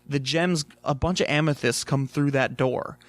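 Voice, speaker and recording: A man's voice: medium pitch, normal speed, no echo. A young man casually reviewing a TV episode, rambling with lots of fillers and swearing freely.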